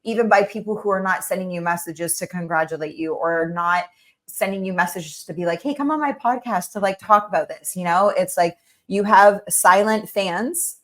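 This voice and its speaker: A woman hosting a podcast in casual conversation. Her voice sits a little low, and she talks in a warm, cheering way, full of "like" and "you know". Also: steady tone, normal speed. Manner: encouraging, effusive, heavy use of "like". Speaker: podcast host. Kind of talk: casual interview chat.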